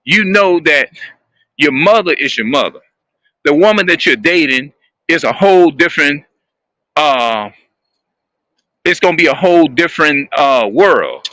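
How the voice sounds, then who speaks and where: A man talking to his viewers in a rambling, halting monologue, often repeating and restarting his phrases. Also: a little high, lively intonation, pushed and bright, no room sound.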